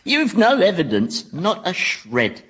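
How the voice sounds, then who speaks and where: A man's voice: high voice, wildly swooping pitch, takes it slowly, a bit bright, slightly rough, heavily acted. An actor playing a sly, world-weary male devil in a radio comedy, drawling and mocking.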